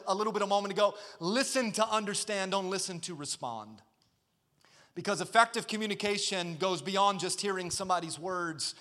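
A man preaching a sermon as pastor, with energetic, punchy delivery that builds in emphasis. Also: high voice. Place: church sanctuary. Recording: long hall reverb.

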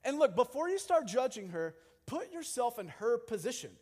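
A young man preaching a sermon in a conversational, animated way with jokey asides. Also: very high voice, moderate pace. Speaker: pastor. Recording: long hall reverb.

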